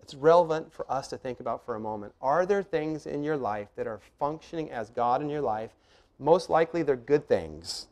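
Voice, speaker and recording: A middle-aged male pastor delivering a sermon in an earnest, emphatic way. His voice sits at an ordinary middle pitch, and he steps through his points one by one, often pausing on rhetorical questions. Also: expressive, a little mellow.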